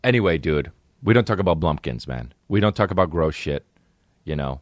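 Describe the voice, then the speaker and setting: A man with a low voice holds forth alone on his podcast, cursing freely and rambling from one gripe to the next. His pitch swings widely as he gets worked up, and the close, dry recording has almost no room sound. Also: animated, fairly quick, dry recording. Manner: profane, rambling, jumps into mocking put-on voices. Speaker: podcast host. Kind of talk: casual solo podcast monologue.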